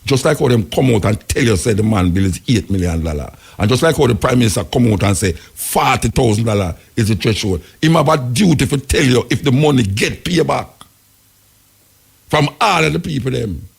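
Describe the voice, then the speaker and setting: A Jamaican man hosts a radio talk show, rambling through the news in heavy patois. His voice is gravelly, with a husky edge. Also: mid-range voice, expressive, a little fast. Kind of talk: casual on-air commentary.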